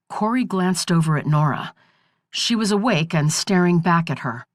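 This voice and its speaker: A woman reading a thriller audiobook in a steady, measured narration. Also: sits low, no room sound, clean studio sound.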